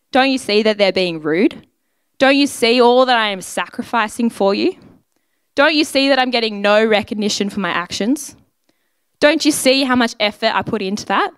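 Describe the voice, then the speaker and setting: A woman's voice: medium pitch, fairly bright tone, clean tone, no room sound. A woman giving a sermon in a conversational, earnest way, often voicing prayers aloud. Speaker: church speaker. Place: church.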